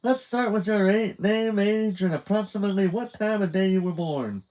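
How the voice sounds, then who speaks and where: A man's voice: sits high, moderate pace, darkish tone, pitched above the performer's own voice, lightly acted, low-quality recording. A man voicing a chirpy, eager woman survey taker with a twangy North Dakota accent. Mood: cheerful. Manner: eager, cheerful.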